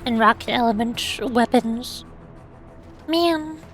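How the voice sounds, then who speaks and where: A bubbly young woman streamer with a bright, high-pitched voice, chattering through a game from her home setup. She jokes and reacts out loud, close on a desk mic with a bit of music under her. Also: slow. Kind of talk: casual game commentary.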